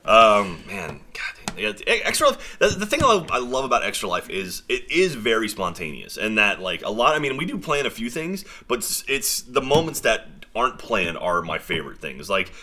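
Bright-voiced man chatting casually. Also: fairly low pitch, very animated, moderate pace, few pauses. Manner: rambling, laughs often. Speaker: podcast co-host. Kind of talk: casual group chat.

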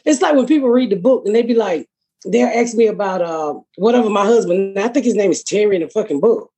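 A woman tells profane, animated stories on a podcast. Her voice is a little husky, and she keeps slipping into other people's voices as she talks. It sounds like easy, casual chat. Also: mid-range voice, fast talker. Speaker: podcast host, comedian.

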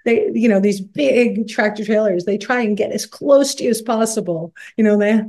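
A woman's voice: medium pitch, moderate pace, darkish tone. A middle-aged woman singer, a guest on a podcast, talking candidly and with animation, often breaking into laughter. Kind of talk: podcast interview.

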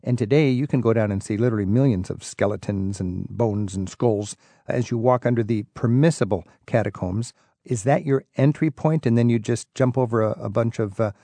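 Male radio host, mid pitch, warm mellow tone, dry studio sound, curious interviewer. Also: dry recording. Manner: curious, enthusiastic questioning. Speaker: radio travel show host.

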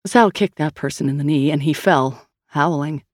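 A woman's voice: low-pitched, moderate pace, dry recording. Woman narrating a story, dry close mic. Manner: steady storytelling reading. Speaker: audiobook narrator. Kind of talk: scripted narration.

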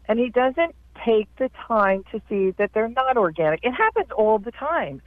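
Female caller, high-pitched and hesitant, thin phone-line sound. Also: animated, dry recording. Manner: hesitant, halting speech. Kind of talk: call-in phone conversation. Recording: tinny dry phone line.

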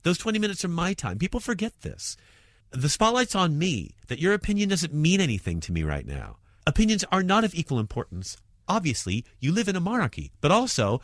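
A provocative comedian, a man, talking in an interview. His pitch leaps and drops all over as he jabs and mutters. The recording is close and completely dry. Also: a little fast, no echo. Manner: provocative, animated, swings between loud jabs and muttered asides. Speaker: stand-up comedian.

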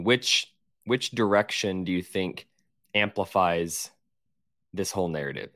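A man on a sports podcast panel with a low, dry voice. He asks quick, inquisitive follow-ups, trailing off softly at the ends of his questions. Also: no echo. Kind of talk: casual sports podcast chat.

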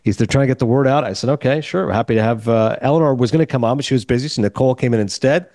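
A man's voice: mid-range voice, racing, dry recording, clean studio sound. A man hosting a film podcast, telling a casual story and acting out the quoted lines of others. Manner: animated, acts out quoted dialogue. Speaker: podcast host.

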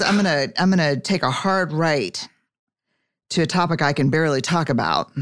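A woman from Texas hosting an interview podcast, speaking in an earnest, emotional, halting way. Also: deep voice, dry recording, studio quality. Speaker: podcast host. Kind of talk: conversational interview.

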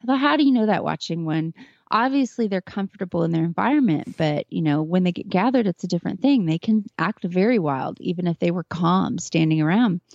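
A woman in casual podcast conversation, speaking earnestly and chattily in a middle pitch. The sound is a bit dull and muffled. The room sounds close and dry, with no echo. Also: expressive, a little fast, creaky, darkish tone. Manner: earnest, chatty, tearing up at moments. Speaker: podcast guest, horse trainer.

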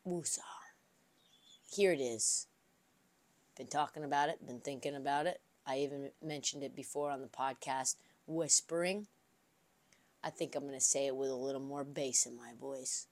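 A woman hosting a podcast, delivering a profane, animated sports rant that swings from shouted outbursts to low, mumbled asides, with a migraine. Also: unhurried, pauses often. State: has a migraine. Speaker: podcast host.

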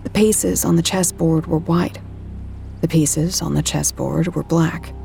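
A woman's voice: low voice, steady tone, a little slow, vocal fry, mellow, a little hiss or hum, heavily acted. An actress playing a troubled female agent who narrates her own story in first person in an audio drama. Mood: tense. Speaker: narrator and lead character.

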